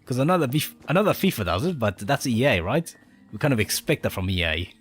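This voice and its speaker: Faint game music plays behind a male streamer who rambles and laughs often while casually chatting, his accent blending Spanish and Australian as a native Spanish speaker. He talks quickly at a medium pitch, with big pitch swings and a slightly rough edge.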